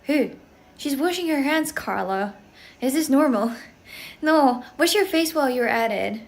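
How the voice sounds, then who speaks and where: A woman's voice: high voice, lively intonation, measured pace. A young woman from Russia telling a rambling story in casual chat, laughing often and swearing. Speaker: streamer.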